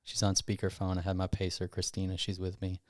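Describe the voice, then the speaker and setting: A man who owns a gym, telling a long personal story on a casual podcast, rambling and animated as he quotes himself. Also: low voice, quick pace, no echo. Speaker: gym owner guest.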